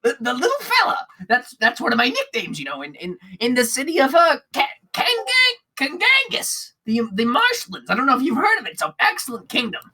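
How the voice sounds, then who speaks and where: Small fawning kobold bard, woman doing the voice, bright and sing-song, tripping over words. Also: sits high, huge pitch swings, fairly quick, hardly any pauses, husky, exaggerated voice, low-quality recording. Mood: wheedling. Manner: stammering, eager and wheedling.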